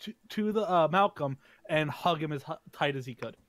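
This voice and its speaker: High, halting tabletop player. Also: male voice, animated, fairly bright tone, no room sound. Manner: hesitant, halting descriptions of actions. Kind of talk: tabletop role-play.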